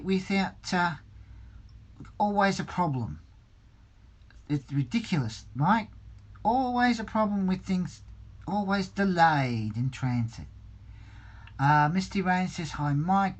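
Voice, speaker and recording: A man hosting a casual livestream from a home hobby room, hesitant and full of ums, reading viewer comments aloud as he builds a model. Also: high voice. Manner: slow, hesitant, many ums and restarts. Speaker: livestream host.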